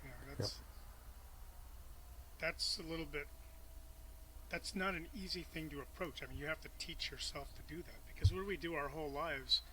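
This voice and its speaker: A fairly high-voiced man talking reflectively, often restarting and rephrasing his thoughts. He sits away from the mic, and steady background noise is clearly heard. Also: a little fast, far from the mic, rough recording. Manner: thoughtful, rephrasing mid-sentence. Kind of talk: reflective conversation.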